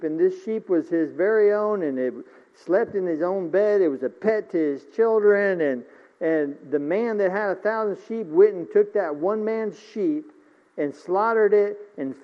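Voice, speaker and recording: A man's voice: high-pitched, measured pace. A man preaching a sermon, retelling a story and then reading scripture aloud with rising force. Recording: muffled recording with long reverb.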